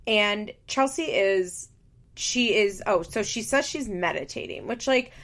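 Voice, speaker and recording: A woman's voice: mid-range voice, lively intonation, a little slow, fairly bright tone. A woman giving casual, opinionated commentary on a reality show, talking freely with lots of filler words. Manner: chatty, opinionated, frequent "like" fillers. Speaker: podcast host recapping reality TV.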